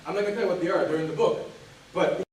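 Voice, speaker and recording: A man's voice: high-pitched, rapid-fire, a little hiss or hum. A man giving a motivational keynote, emphatic, repeating phrases and questioning the audience. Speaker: keynote speaker. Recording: echoey hall, voice picked up from a distance.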